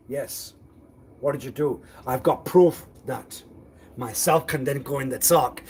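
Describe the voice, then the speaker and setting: On a live stream, a man with a mid-range voice rambles through a disjointed monologue at a measured pace. He argues back and forth with himself, repeats words, and swings from quiet mutters to loud exclamations.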